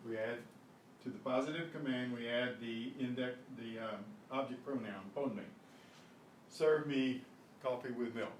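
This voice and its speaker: An older man teaching a Spanish class, slow and patient, often clearing his throat, recorded from a distance. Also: medium pitch. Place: classroom at a senior center. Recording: echoey room, mic at a distance, faint noise.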